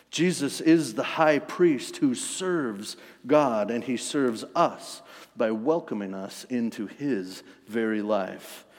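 Male pastor, mid-pitched, dynamic sermon delivery, long hall reverb. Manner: dynamic, swings from hushed storytelling to forceful emphasis.

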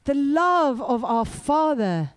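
Lively woman preaching. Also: high-pitched, slow pace, no room sound. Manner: chatty storytelling with asides to the crowd. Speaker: speaker at a youth event. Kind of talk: sermon.

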